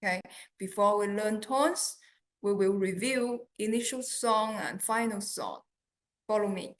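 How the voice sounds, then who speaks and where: Slow, patient woman teaching with a Chinese accent. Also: medium pitch, fairly bright tone. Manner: slow, patient, demonstrates sounds by singing and drawing out vowels. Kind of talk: beginner language lesson.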